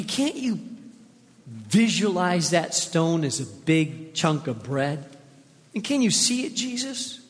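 A man's voice: sits high, a bit bright, in a large hall, exaggerated voice. A man voicing a sly male devil who mockingly taunts and goads with wheedling questions.

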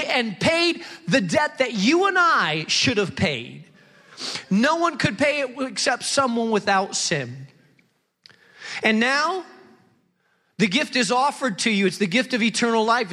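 Impassioned high-voiced male preacher. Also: fairly bright tone. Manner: impassioned preaching, acting out excuses in quick bursts. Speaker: pastor. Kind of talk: sermon. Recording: large hall reverb.

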